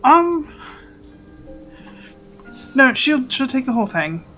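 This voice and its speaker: A woman's voice: high voice, sing-song, slow, sharp tone, faint music behind, poor audio. A woman playing a tabletop game, thinking aloud and hesitant. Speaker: player.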